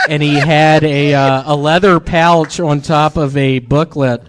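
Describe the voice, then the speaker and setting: Male comedian, deadpan, halting delivery, filler words, live club mic, faint hiss. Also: fairly high pitch. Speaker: comedian guest. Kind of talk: stand-up set and banter.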